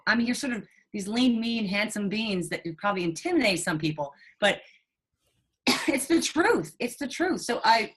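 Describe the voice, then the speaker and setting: A middle-aged woman with a mid-range voice tells a story to her hosts in an animated, chatty manner. She talks at an ordinary pitch and often starts over and fills pauses. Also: husky, poor audio. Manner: animated, chatty, with fillers and restarts. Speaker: nurse and guest. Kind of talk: casual storytelling in a conversation.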